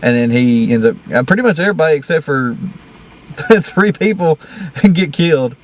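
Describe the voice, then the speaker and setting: A man's voice: on the high side, expressive, moderate pace. A man co-hosting a casual movie review chat, blunt and profane, often restarting his sentences.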